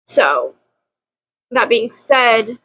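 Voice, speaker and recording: Young woman book vlogger, high-pitched, chatty and dramatic, frequent laughter. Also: sing-song, very slow, fairly bright tone, husky, no room sound, rough recording. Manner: chatty, dramatic, laughs often, swears casually. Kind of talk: casual chat.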